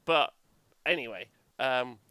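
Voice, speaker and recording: A man's voice: mid-range voice, animated, slow, pushed and bright, smooth, no echo. A male host chatting casually on a live stream, swearing freely and filling gaps with "uh".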